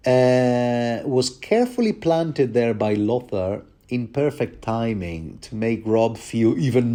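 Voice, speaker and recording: A man's voice: mid-range voice, mellow. A man hosting a rambling, jokey book commentary, full of casual asides and quips to the listener. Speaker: podcast host.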